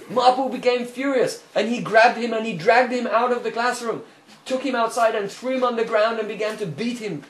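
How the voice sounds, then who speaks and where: A man preaching and storytelling with animation, pausing to check in with his listeners. His voice is fairly high for a man. It echoes in the room over a faint hiss. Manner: animated storyteller, frequent "hmm?" checks, chuckles. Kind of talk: sermon storytelling.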